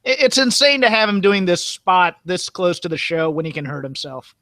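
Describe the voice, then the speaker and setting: Bright, high-voiced wry male co-host. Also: moderate pace, no echo. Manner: wry, dry humor. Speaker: podcast co-host. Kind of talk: casual wrestling recap chat.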